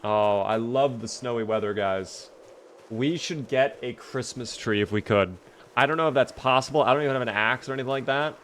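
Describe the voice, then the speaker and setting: A man's voice: mid-range voice, fairly quick, slight background noise. Chatty man streaming a game. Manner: chatty, talks to chat, bursts of excitement. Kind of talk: live game commentary.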